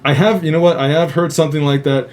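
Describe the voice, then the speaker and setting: A man's voice: a little high, fairly even intonation, fast, a little mellow. Rambling, swearing man hosting a casual stream. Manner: rambling, heavy swearing, laughs often. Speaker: host. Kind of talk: casual live-stream chat.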